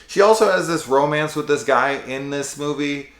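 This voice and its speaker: A man's voice: a little high, normal speed, fairly bright tone. A man casually reviewing a horror sequel, rambling and sarcastic, swearing freely. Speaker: movie reviewer. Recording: echoey room.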